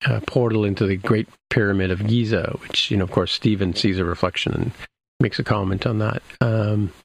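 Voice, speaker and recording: A man's voice: on the low side, steady tone, a little fast, creaky. A man in casual chat, rambling through a recap with many restarts and fillers. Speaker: podcast co-host recapping a TV episode.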